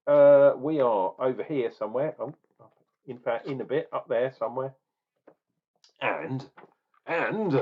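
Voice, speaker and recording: A man's voice: mid-range voice, breathy edge. A man rambling chattily in a casual beer review vlog, often correcting himself mid-sentence. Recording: dull lo-fi recording.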